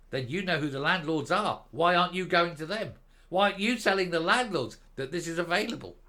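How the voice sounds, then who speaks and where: Older man ranting, bright voice. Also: on the high side. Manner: indignant, sarcastic, blunt and crude. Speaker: political commentator. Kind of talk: ranting online commentary.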